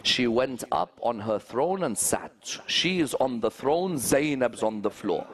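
A man preacher telling a story in a sermon, emotive and rising to loud exclaims. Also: mid-range voice, expressive, measured pace, over a noisy crowd.

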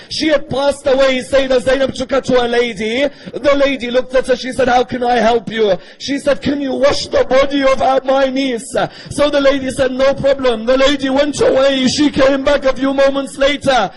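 A man preaches an emotional religious sermon in a strikingly high voice. He tells the story with deep feeling and keeps turning to his listeners with rhetorical questions. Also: level tone, normal speed, hardly any pauses, slight background noise, rough recording.

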